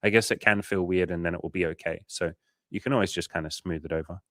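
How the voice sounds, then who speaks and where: This low-pitched, fast-talking man comes through clean studio sound with no echo. Hosting a coaching livestream, he chats casually with viewers, swearing a lot, telling lively stories and performing the quoted lines himself.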